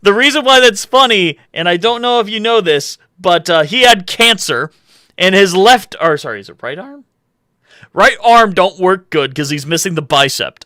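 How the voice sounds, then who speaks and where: Lively rambling young streamer guy. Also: high voice, normal speed, no room sound, clean studio sound. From United States. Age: 20s. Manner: rambling, self-correcting, reads chat aloud. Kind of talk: casual live-stream chat.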